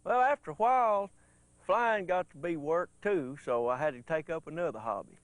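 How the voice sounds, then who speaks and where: A man with a thick West Tennessee drawl, telling homespun jokes and stories on stage with a deadpan delivery. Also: on the high side, moderate pace, a little hiss or hum. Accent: West Tennessee Southern drawl. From Gleason, Tennessee. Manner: homespun, deadpan one-liners. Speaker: banjo player and comedian. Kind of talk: folksy stand-up storytelling on stage. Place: concert stage.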